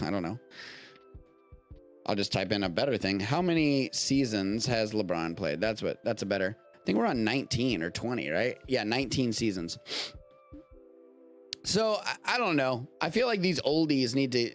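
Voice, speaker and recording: A man hosting a live-streamed show from home, chatting casually about the news in a rambling, self-interrupting way with casual swearing. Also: mid-range voice.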